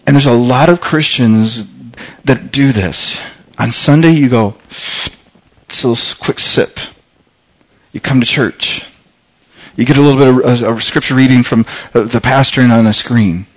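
A middle-aged man preaching a sermon, telling a personal story with lots of restarts, getting louder when reliving the danger and softer when he reflects. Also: mid-range voice, normal speed, low-quality recording. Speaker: pastor.

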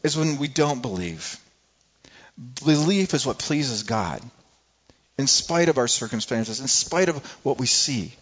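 A man's voice: mid-range voice, lively intonation, unhurried. A male pastor preaching a sermon in an earnest way, often repeating words as he searches for the next one. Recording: dull lo-fi recording.

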